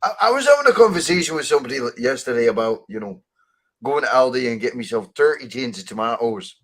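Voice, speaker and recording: A man's voice: mid-range voice, sing-song, quick pace, a bit bright. Chatty man telling an anecdote. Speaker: chat participant. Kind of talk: casual voice chat.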